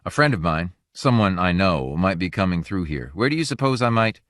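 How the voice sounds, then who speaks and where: A guarded stranger in an audiobook who speaks carefully and hesitantly, as a male reader voices him. The voice is deep and close, with a dry sound. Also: expressive, fairly quick, a bit bright, no echo.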